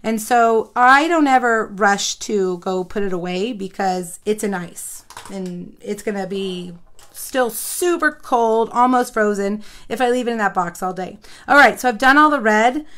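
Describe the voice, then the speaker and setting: A woman's voice: mid-range voice, unhurried, fairly bright tone. Chatty woman rambling through a story. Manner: rambling storyteller, chatting to viewers while working. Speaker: crafter hosting a live stream. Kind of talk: chatty live craft stream.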